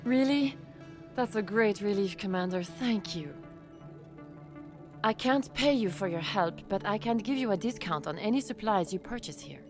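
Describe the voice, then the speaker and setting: An actress voicing a polite female clinic doctor in a video game, speaking in a measured, helpful way. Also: mid-range voice, animated, over music, close to an everyday voice.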